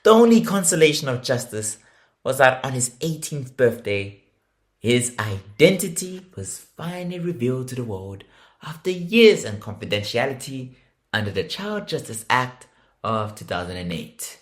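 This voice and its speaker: A man's voice: mid-range voice, big pitch swings, a little slow. A man hosting a true-crime podcast, narrating a case with emphatic indignation and free swearing.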